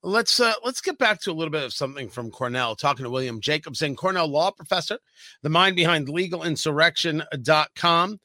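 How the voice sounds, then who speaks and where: Male talk radio host, emphatic and pointed, high and forceful tone. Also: expressive, no echo. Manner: emphatic, reads statements aloud with pointed pauses.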